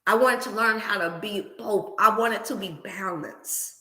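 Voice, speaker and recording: A woman hosting a motivational wellness livestream, preaching in an animated, scripture-laced way. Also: medium pitch, a little slow, reverberant. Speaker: wellness channel host.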